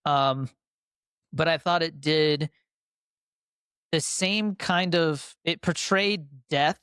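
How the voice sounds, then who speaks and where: This young adult podcast co-host chats about his favorite films with enthusiasm, rambling and dropping lots of fillers. His fairly high voice is pushed and bright, clear and resonant, with fairly even intonation and an unhurried pace. The sound is clean studio audio with no room sound.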